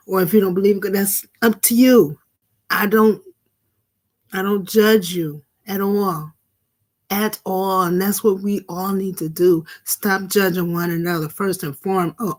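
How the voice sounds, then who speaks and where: A middle-aged minister who hosts a vlog speaks slowly to her live-stream audience in a slightly low voice, preaching in a relaxed, conversational style. She keeps returning to key phrases for emphasis and sometimes breaks into laughter.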